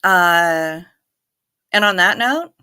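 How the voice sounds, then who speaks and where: A woman's voice: lowish voice, animated, drawn-out words, sharp tone, clean tone. A middle-aged woman, hosting a late-night livestream, tired and yawning as she chats casually with viewers and reads their comments. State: sleepy. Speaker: livestream host.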